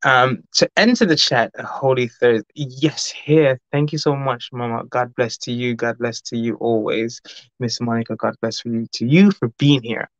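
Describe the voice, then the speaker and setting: A man's voice: medium pitch, fairly even intonation, dry recording. Rambling man hosting a livestream. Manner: rambling, warm greetings, frequent laughs; fast-talking, says his mouth runs fast. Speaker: livestream host reading chat. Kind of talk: casual livestream chat. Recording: dull lo-fi dry recording.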